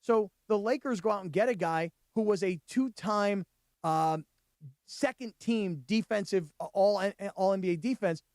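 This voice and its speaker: A man hosting a sports radio show, telling stories in a chatty, animated way in a studio. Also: high-pitched, normal speed, dry recording. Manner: chatty storyteller, animated retelling. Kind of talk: casual sports radio banter.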